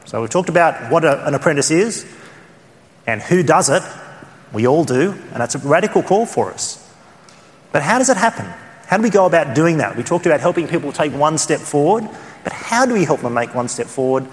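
A man with an Australian accent leading a church training session, talking in an animated, conversational way with sudden rises in pitch. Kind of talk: teaching session. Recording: reverberant hall.

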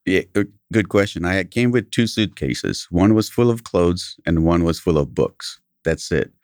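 A man from Kenya with a British accent, a company founder telling stories as a podcast guest, animated and chuckling between anecdotes. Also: low-pitched, measured pace, no echo, studio quality. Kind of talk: casual interview storytelling.

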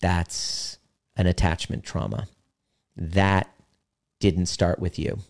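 Casting note: low-voiced male coach, blunt and earnest, slows to land key points. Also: level tone, darkish tone. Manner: blunt, earnest, swears for emphasis. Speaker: relationship coach. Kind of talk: motivational talk to listeners.

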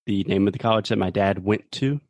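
Low-voiced man explaining English pronunciation. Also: fairly quick, no room sound, clean studio sound. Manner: explains pronunciation patiently, laughs often. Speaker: co-host teaching English. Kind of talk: casual podcast chat.

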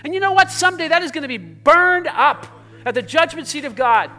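A male pastor preaching a sermon to a congregation, swinging between fervent exclamations and hushed passages, with jokey asides. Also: extremely high pitch, expressive, a little fast, soft background music.

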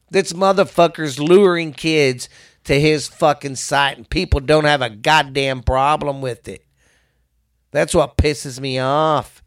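A man's voice: on the high side, unhurried. A man hosting a casual talk show, ranting bluntly with lots of swearing.

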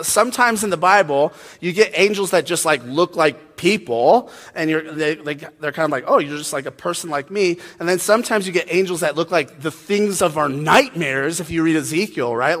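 A man's voice: high voice, fairly bright tone. A man preaching a casual, joking sermon, chatty and full of fillers. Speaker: pastor. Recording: long hall reverb.

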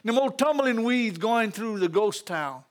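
Preaching at an unhurried pace, this pastor speaks in a high-pitched voice with a Louisiana Southern accent. He calls out animatedly to the congregation and tosses in laughing asides during his church sermon.

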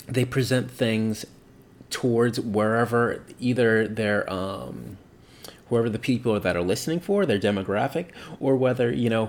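Rambling man with a middle-pitched voice. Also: darkish tone. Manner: rambling, many fillers and restarts; blunt, casual swearing. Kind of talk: casual opinion talk.

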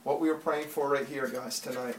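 A man's voice: mid-range voice, fairly even intonation, a little fast, a little hiss or hum. A man preaching a sermon to a congregation, talking plainly and then building to urgent, impassioned appeals. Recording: echoey room, mic far off.

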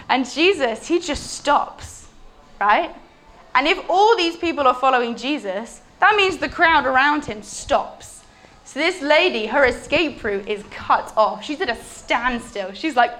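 A woman preaching a sermon with lively, animated storytelling. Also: a little high, normal speed.

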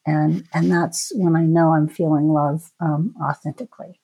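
A middle-aged woman with a somewhat low voice talks as a podcast guest. She reflects slowly, stopping and restarting her sentences and filling the gaps with soft ums. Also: fairly even intonation, vocal fry, husky. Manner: hesitant, many restarts and ums. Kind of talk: casual reflective conversation.

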